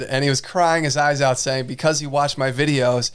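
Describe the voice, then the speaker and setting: A man's voice: mid-range voice, steady tone, fairly quick, smooth. A man co-hosting a casual podcast chat, enthusiastic and filling his talk with "uh" and "y'all". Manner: enthusiastic, says "y'all" and "uh" often. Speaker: podcast co-host.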